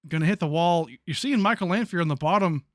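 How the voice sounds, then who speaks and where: A man calling a sim truck race live as play-by-play commentator, chatty and excitable with frequent fillers. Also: high-pitched, fast, dry recording, clean studio sound.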